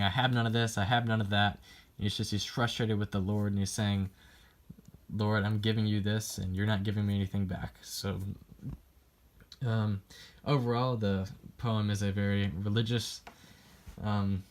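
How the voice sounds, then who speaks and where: A man's voice: fairly low pitch, little pitch movement, moderate pace. Hesitant young man explaining a poem. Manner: hesitant, lots of ums, reads quotes aloud. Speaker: student presenting a poem analysis. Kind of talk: class presentation.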